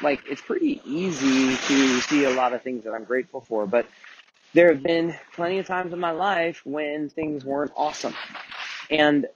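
A man hosting a motivational podcast, talking candidly and earnestly with casual swearing while walking on a beach at night. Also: medium pitch. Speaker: podcast host and mentor. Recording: muffled outdoor recording with wave noise. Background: crashing waves.

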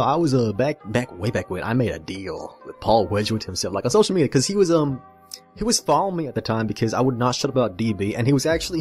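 A man giving excited casual commentary as he flips through a comic, gushing and swearing freely. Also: fairly low pitch. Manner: animated and gushing, swears freely, mimics characters. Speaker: video creator reviewing a game comic. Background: faint background music.

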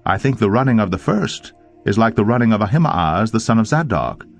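A man's voice: lowish voice, lively intonation, a little fast, creaky, faint music behind, pitched above the performer's own voice. A man voicing a male watchman who calls out reports from a gate roof. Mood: reporting.

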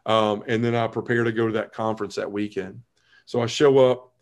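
On a podcast, a forties-aged man recounts his conversion with earnest energy, playing out his former self as he goes. He speaks briskly in a lowish register.

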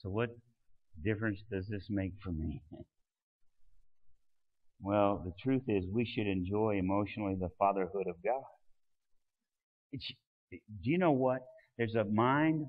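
A man preaching a sermon as pastor, swelling loud and dropping soft. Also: low-pitched, big-room sound, narrow, tinny audio.

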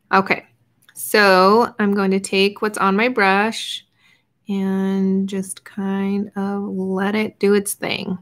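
A young woman hosting an art journaling livestream, chatting casually with viewers while she paints and sometimes trailing off into quiet murmurs. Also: mid-range voice. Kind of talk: casual live crafting chat.

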